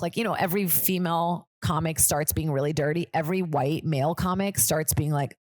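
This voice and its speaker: A woman's voice: low-pitched, fairly quick, a little mellow. A woman hosting a comedy podcast, chatting casually in a rambling way, full of "like" and swearing. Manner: rambling, lots of "like", swears freely. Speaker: podcast host.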